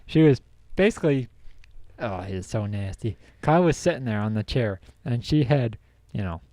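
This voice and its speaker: A man's voice: medium pitch, expressive, moderate pace, mellow, dry recording. A young man co-hosting a podcast, telling a story in casual chat, laughing often and acting out quotes. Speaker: podcast co-host.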